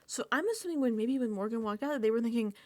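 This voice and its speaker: Animated woman with a raised voice. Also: on the high side, fast, no room sound. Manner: animated, emphatic, drops into whispered asides, swears casually. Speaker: reality TV recap host. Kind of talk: casual reaction recap.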